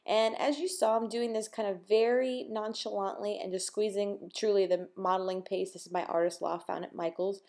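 A woman's voice: mid-range voice, steady tone, normal speed, hardly any pauses. A young woman from South Florida, chatting casually through a scrapbooking voice-over, full of ums and fillers. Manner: chatty, filler-heavy, warm about her dogs. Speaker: scrapbooking vlogger.

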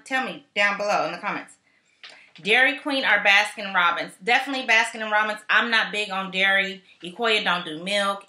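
A woman's voice: mid-range voice, pushed and bright. Chatty woman vlogger, echoey room. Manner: chatty and playful, with slang asides. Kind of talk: casual chat. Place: home in California.

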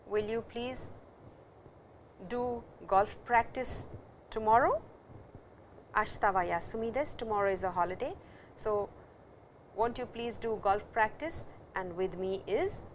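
Woman teaching slowly, raised pitch. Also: slight background noise, poor audio. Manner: slow, explanatory, repeats example sentences. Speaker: language teacher. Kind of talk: classroom lecture.

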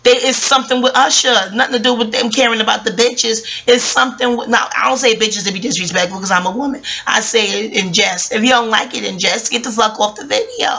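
A woman's voice: on the high side, fairly quick, hardly any pauses, pushed and bright, a little hiss or hum. A woman in her forties ranting on a vlog, passionate and swearing, rambling between jokes and asides. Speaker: vlogger. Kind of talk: profane commentary rant.

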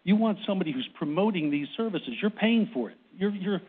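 A man's voice: high voice, expressive, a little fast, breathy edge. A man from Boston giving a workplace presentation to an audience, short of breath, who often restarts and keeps checking in with "right?". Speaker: presenter on a panel. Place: conference room with audience. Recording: tinny phone-like recording.

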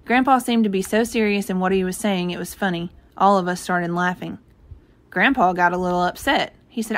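A woman reading a novel aloud, telling the story gently and giving the characters light voices of their own. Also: lowish voice, fairly quick. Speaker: reader.

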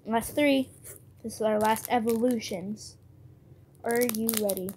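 A woman chatting casually to herself and her viewers while opening trading card packs, muttering card names and breaking into excited cheers. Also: on the high side, a little slow, slight background noise.

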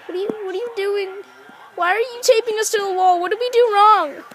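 A woman's voice: very high-pitched, a little fast. A woman voicing a jumpy, frightened lady who nervously asks one question after another. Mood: scared, questioning. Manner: nervous, keeps asking questions.

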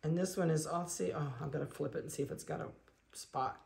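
A woman breeder narrating a casual video, chatting along and cooing softly to the animals she handles. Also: sits low, steady tone, a little fast, gravelly. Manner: chatty, coos softly to puppies. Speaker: dog breeder.

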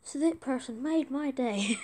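A woman giving casual let's-play commentary, chatty and excitable, pleading with other players for trades. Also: high-pitched, measured pace. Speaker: gaming video creator.

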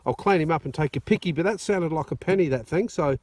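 An Australian man with a somewhat high voice talks to his phone camera outdoors. His chat is excitable and blokey, full of "righto" and "mate". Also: fast talker, no room sound. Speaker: metal detecting channel host. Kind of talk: casual outdoor vlog chat. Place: outdoors at a dig site.

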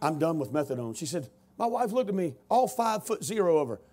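A man preaching a revival testimony, telling his story with rising shouted intensity. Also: on the high side, sing-song, fairly quick. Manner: storytelling, builds to loud shouting.

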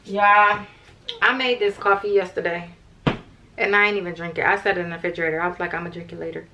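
A woman's voice: mid-range voice, steady tone, fairly quick, pushed and bright, highs cut off, a little hiss or hum. A young woman vlogging in a casual, rambling way, tired and chatting to her viewers as "y'all". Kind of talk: casual vlog chat to camera.

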